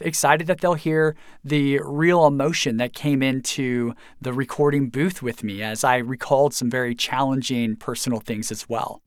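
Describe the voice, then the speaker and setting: A pastor and author giving earnest, reflective interview answers and chuckling at himself now and then. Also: male voice, on the high side, fairly bright tone, clean tone, dry recording, studio quality.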